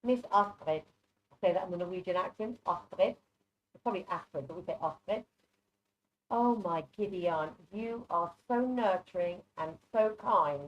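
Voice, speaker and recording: A woman with a lowish voice gives live online psychic readings, talking fairly quickly with few pauses. She's chatty and affectionate, calling people darling, and the call audio sounds dull.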